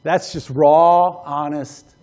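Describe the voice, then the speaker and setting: A male pastor preaching a sermon, emphatic, repeating key phrases and swinging between loud passages and hushed ones. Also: on the high side, fairly even intonation, slow.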